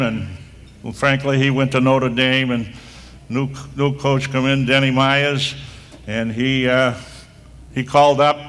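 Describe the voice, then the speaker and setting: A man's voice: mid-range voice, fairly bright tone, in a large hall. Older man telling a rambling story. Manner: rambling storyteller with frequent restarts. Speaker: speaker at hall of fame induction. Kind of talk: anecdotal speech.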